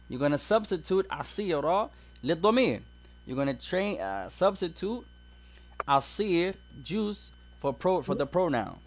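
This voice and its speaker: Male teacher, slightly high voice, patient step-by-step classroom explanations. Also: sing-song, normal speed. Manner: explains step by step, mixing English and Arabic examples. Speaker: Arabic teacher. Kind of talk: classroom grammar lesson.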